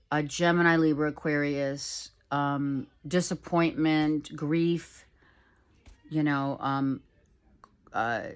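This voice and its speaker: A middle-aged woman giving a casual tarot reading at home, talking softly and rambling, with many fillers. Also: low voice. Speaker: tarot reader. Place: home, with a child heard in the background.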